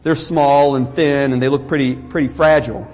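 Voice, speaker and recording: A man's voice: medium pitch, steady tone, moderate pace, a little mellow, in a large hall, faint music behind. A man from Kentucky, preaching an earnest sermon in a church and often repeating words for emphasis. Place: church sanctuary.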